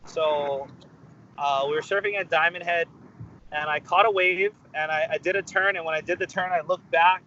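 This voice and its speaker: A man's voice: a little high, fairly even intonation, moderate pace, bright, forceful tone, a little hiss or hum. A young man from Hawaii, telling a story in a casual interview with many fillers and restarts. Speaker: musician guest. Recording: dull lo-fi interview audio.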